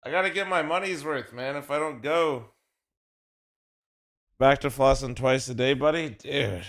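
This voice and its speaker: A man's voice: mid-range voice, a little slow, fairly bright tone. A man hosting a live-stream watch party, chatting casually with his viewers in a loose, laughing, profane way with a slightly nasal voice. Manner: loose, swearing, laughing, talking straight to chat.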